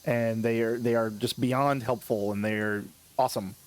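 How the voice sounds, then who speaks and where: A man's voice: mid-range voice, steady tone, normal speed. A man chatting casually on a stream, rambling through stories with lots of restarts and laughing at himself. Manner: rambling, self-interrupting storyteller who laughs at his own stories. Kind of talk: casual chat.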